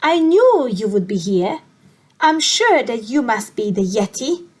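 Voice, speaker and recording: A woman's voice: a little high, very animated, measured pace, a little mellow. A woman voicing an eager young boy explorer in a read-aloud storybook, cheerful and exclaiming.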